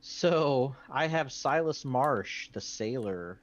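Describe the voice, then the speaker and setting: A man's voice: mid-range voice, lively intonation, slow, lo-fi sound. Chatty man explaining game rules. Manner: chatty, with many fillers. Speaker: board game show host.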